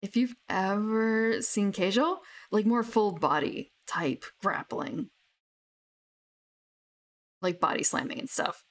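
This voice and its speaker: A young woman who plays tabletop games chats about her characters at a slow pace, with long pauses. Her voice is medium in pitch, and her rambling is full of fillers and restarts.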